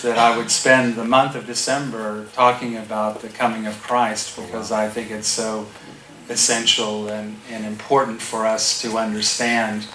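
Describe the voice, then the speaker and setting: A man's voice: medium pitch, pushed and bright, a little hiss or hum. A man in his sixties, a guest pastor preaching a sermon and telling funny stories with humor. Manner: humorous storytelling. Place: church auditorium. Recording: echoey church from far off.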